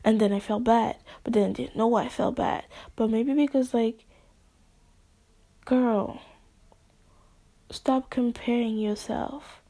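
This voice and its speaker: A woman talking off the cuff in a slow, unhurried ramble, slipping into slang and hushed near-whispers. Her voice sits fairly high but has a dark, mellow color with a steady gravelly fry. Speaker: vlogger. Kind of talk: spontaneous casual monologue.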